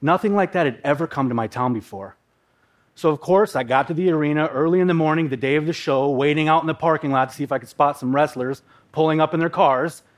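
Storyteller: man from Minnesota, a bit high-pitched, dramatic and wry in his personal story. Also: fast. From Minnesota, USA. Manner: vivid, dramatic, with playful asides.

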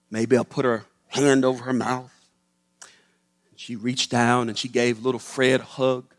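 A man giving a public talk, telling a story with emphatic, animated delivery. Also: mid-range voice. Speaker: speaker. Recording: echoey hall.

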